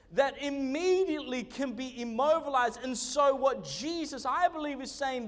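A man preaches in an animated, joking way, stumbling over fillers as he builds his points. His voice sits high for a man. The sound rings with the long echo of a church hall. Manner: animated preaching with humorous asides and many fillers. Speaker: pastor. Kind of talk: sermon.

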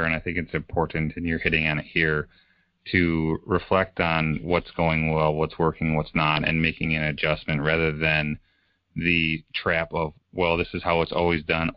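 A man hosting a podcast about coaching, speaking in a measured, reflective way. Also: very deep voice, no echo, dull audio. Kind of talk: casual podcast conversation.

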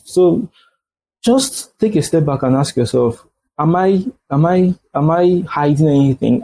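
Gravelly, husky Nigerian man. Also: mid-range voice, warm tone, poor audio. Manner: earnest, preachy, repeats phrases. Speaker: podcast guest. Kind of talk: casual chat.

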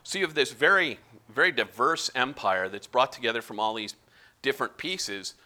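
A man giving a casual, animated Bible teaching, often slipping into quoted voices of the characters. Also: mid-range voice, normal speed.

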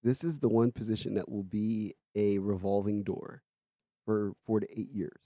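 A man's voice: on the low side, steady tone, normal speed, mellow, dry recording, clean studio sound. A man co-hosting a casual political podcast, speaking loosely and filling gaps with "like" and "um". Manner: loose and conversational, with many fillers like "like".

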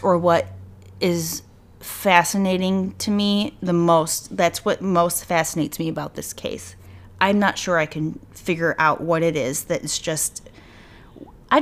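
A woman casually retelling a true crime case, rambling and speculating aloud with lots of "like"s. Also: mid-range voice. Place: at home with her dog nearby.

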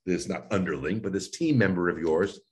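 A male voice and speech coach speaks in a low, brisk voice during an interview. He explains how his sessions work, animatedly playing both himself and his client in a coaching dialogue.

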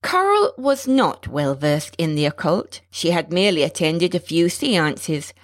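A woman reading a short story aloud in a measured, expressive way. Her voice sits slightly low. The recording is dry and close, with no room sound. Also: dry recording. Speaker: narrator. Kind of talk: scripted story narration.

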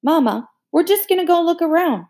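A woman voicing a whiny young girl who pleads and complains in a high voice. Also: animated, fairly quick, a little mellow. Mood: whining. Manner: whining, pleading.

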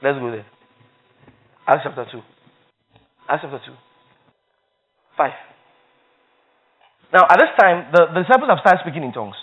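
A man's voice: on the high side, very animated, normal speed, pauses often, highs cut off. A man preaching a sermon as pastor, emphatic, repeating phrases for stress and reading scripture aloud.

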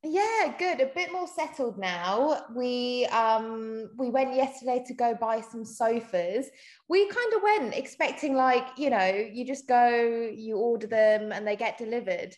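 A woman's voice: a little high, lively intonation, unhurried, echoey room. A woman from South Africa co-hosting a podcast in a chatty, casual way, often laughing and acting out quotes. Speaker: podcast co-host. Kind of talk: casual chat.

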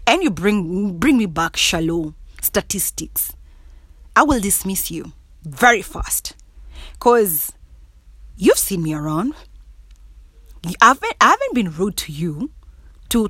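Laughing, animated Kenyan woman vlogging. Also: on the low side, no room sound. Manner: laughs often, blunt and cussing, animated and emphatic. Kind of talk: casual monologue to camera.

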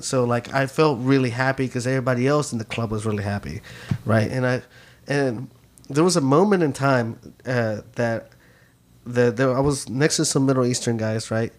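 Male podcast co-host, mid pitch, rambling storyteller, lots of fillers. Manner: rambling, repeats words, many fillers. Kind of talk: casual chat, storytelling.

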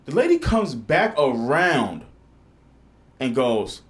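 A man's voice: medium pitch, moderate pace. A man hosting a podcast in a studio, telling a story in casual chat with lots of swearing. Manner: animated storytelling, heavy swearing. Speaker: podcast host.

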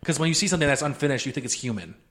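A man's voice: mid-range voice, expressive, rapid-fire, fairly bright tone. A man co-hosting a podcast in casual chat, explaining his points earnestly at length and swearing casually. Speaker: podcast co-host.

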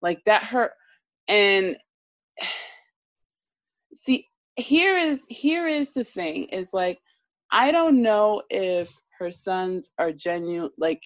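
A woman's voice: mid-range voice, expressive, takes it slowly, long pauses, no echo, muffled recording. A woman co-hosting a podcast, chatting casually and emphatically as she recaps a reality TV episode. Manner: chatty, emphatic, trails off and restarts. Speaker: podcast co-host.

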